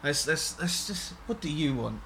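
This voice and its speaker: A man's voice: on the high side, lively intonation, moderate pace, a loud crowd. A man hosting a radio show, chatting in a rambling way with restarts and the odd swear word. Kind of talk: casual radio chat.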